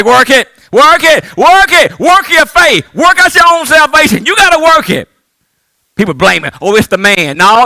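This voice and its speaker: A middle-aged man from the pulpit in a strikingly high, lively voice that leaps up and down. The sound is bright and dry, close and without room echo. He calls out to the congregation and swings between near-shouts and hushed asides. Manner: call-and-response preaching, swinging from loud to hushed. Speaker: pastor. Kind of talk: sermon.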